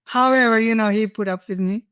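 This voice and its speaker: A woman's voice: fairly high pitch, fairly quick, clear, resonant tone, dry recording, clean studio sound. An older woman from India, a guest telling personal stories in an interview, laughing and emotional at times. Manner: warm, laughing, emotional storytelling.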